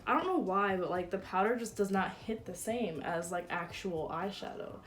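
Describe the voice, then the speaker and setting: A woman's voice: mid-range voice, lively intonation, normal speed. A woman in her twenties chatting casually and crudely through her makeup routine at home, with a lot of "like". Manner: chatty, crude, fillers of "like" everywhere. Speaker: beauty vlogger. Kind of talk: casual get-ready-with-me chat. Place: room at home.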